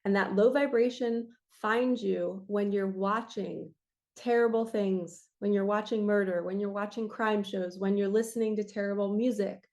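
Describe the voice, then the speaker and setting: A woman speaking to her viewers in an earnest spiritual talk, urging and emphatic. Her voice is raspy from straining her throat, with a pitch in the middle of the usual range. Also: darkish tone. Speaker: spiritual reader and coach.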